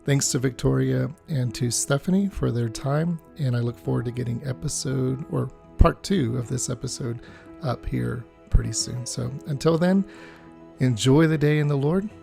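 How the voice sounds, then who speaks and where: A woman hosting a faith podcast, giving its closing remarks with a gravelly sign-off. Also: very deep voice, moderate pace, mellow. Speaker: podcast host. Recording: guitar music playing behind.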